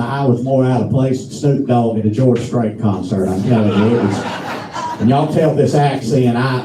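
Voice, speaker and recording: A man's voice: mid-range voice, dark tone, slight background noise. A middle-aged man with a Southern US accent, performing live stand-up as a folksy, drawling storyteller. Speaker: stand-up comedian. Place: live comedy venue. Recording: roomy live room from a distance, faint ambience.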